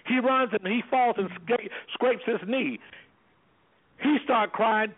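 A man's voice: extremely high pitch, slow. A man, an anger management specialist, speaking with preacherly emphasis as a guest on a call-in radio show over the phone. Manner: preacherly, emphatic, acts out quoted voices. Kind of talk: impassioned call-in radio talk. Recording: phone-line audio.

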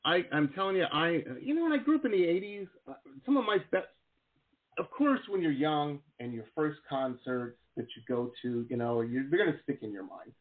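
A man in his forties hosting an interview, rambling and excitable with lots of fillers and restarts, on a video call. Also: fairly high pitch, brisk. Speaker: show host. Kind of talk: casual interview chat. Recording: tinny phone-like line.

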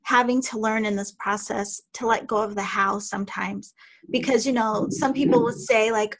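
A woman's voice: a little high, steady tone, normal speed. A woman hosting a casual podcast interview, asking rambling questions full of "like" and "um.". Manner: warm, affirming, filler-heavy questions. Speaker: podcast host.

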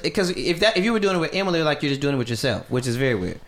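A man's voice: on the high side, big pitch swings, very fast, fairly bright tone. A man, cohosting a comedy podcast and riffing upbeat on the others. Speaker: podcast co-host. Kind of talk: casual comedic chat.

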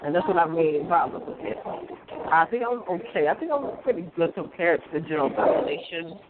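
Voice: medium pitch, expressive, a little fast. A vlogger talking casually to the audience, hesitant and self-critical, often repeating words. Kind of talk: casual talk to camera. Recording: tinny phone-like audio with noise.

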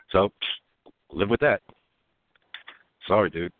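A man with a deep voice that swings widely in pitch, co-hosting a political talk radio show. He tells stories in an animated way and laughs as he goes. His voice comes through a narrow, phone-like line with no room sound. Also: moderate pace, pauses often, dry recording.

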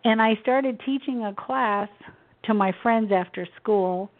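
A woman in her sixties, from Memphis, Tennessee, a guest author telling a personal story in a soft, halting way. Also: on the high side. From Memphis, Tennessee, USA. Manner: soft-spoken, halting, with small laughs. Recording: tinny phone line.

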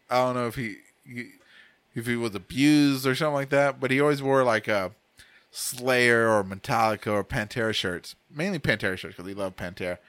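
A man's voice: mid-range voice, fairly bright tone, dry recording. A young adult man casually telling a crude story on a podcast, swearing a lot and laughing through it. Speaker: podcast co-host.

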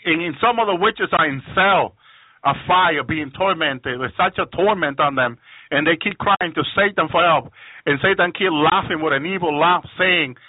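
A man's voice: fairly high pitch, moderate pace, dry recording. A man preaching fervently about visions, with many repeated restarts. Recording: tinny phone-line radio sound.

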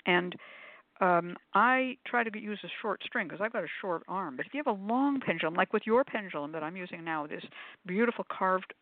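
A woman's voice: expressive, normal speed, no echo. An older woman hosting a call-in show, explaining things in a chatty, demonstrating way with plenty of ums, now and then putting on quoted voices. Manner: acts out quoted voices with sudden pitch jumps. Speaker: host of call-in spiritual show. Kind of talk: casual panel discussion. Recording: phone-like narrow audio, dry.

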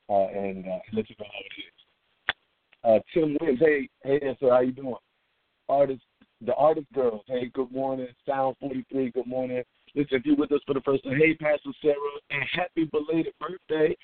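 A man's voice: mid-range voice, vocal fry, no room sound. A middle-aged man leads a morning devotional over a conference call, and the audio is thin and phone-like. The room sounds completely dry. He talks loose and chatty and keeps stopping to greet listeners by name. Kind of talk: live-streamed morning devotional. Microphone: phone line.

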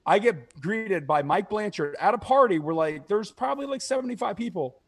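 A man's voice: high voice, lively intonation, a little fast, a bit bright, slightly rough. A young man co-hosting a podcast, telling stories in casual chat, swearing freely and laughing as he acts out other people's lines. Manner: profane, laughing, acts out quoted voices. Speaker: podcast co-host.

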